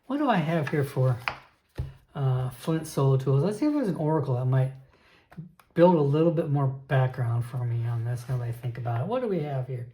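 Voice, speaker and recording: A man's voice: medium pitch, expressive, fairly quick, warm tone, reverberant. Man thinking aloud over a solo game. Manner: thinking aloud, many fillers and restarts. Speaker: solo tabletop game player. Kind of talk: narrating a solo tabletop game.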